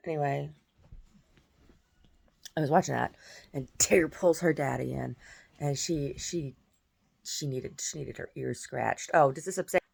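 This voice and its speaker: Low gravelly woman rambling softly. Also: fairly even intonation, slow pace, pauses often, dry recording. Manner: rambling with frequent restarts. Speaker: painter and poet. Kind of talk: casual monologue.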